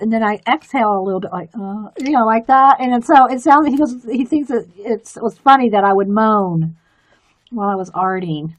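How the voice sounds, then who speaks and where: A woman chatting in a rambling, easygoing way and laughing often while she colors on a live stream. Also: fairly high pitch. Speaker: artist streaming a coloring demo. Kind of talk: casual chat while drawing.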